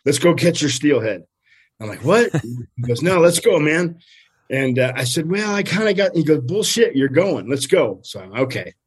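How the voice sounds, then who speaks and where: An older man, a fishing guide, telling a story with lively energy and acting out what people said. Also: moderate pace, breathy edge. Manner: lively, acts out quotes with big pitch jumps, laughs often. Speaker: steelhead fishing guide, guest. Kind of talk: animated storytelling.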